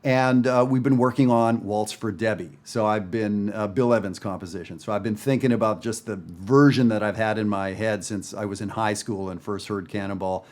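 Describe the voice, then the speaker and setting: A man's voice: lowish voice, steady tone, moderate pace, few pauses, a little mellow. A man teaching a casual guided jazz listening lesson, chatty and enthusiastic with frequent fillers. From Northern Virginia area. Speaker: jazz educator. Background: jazz record playing.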